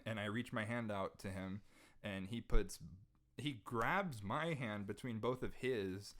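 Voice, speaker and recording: A man's voice: lowish voice, measured pace, fairly bright tone. A young man, a podcast guest, earnestly telling an emotional personal story in casual conversation, restarting his sentences often as he goes. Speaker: podcast guest, jazz saxophonist.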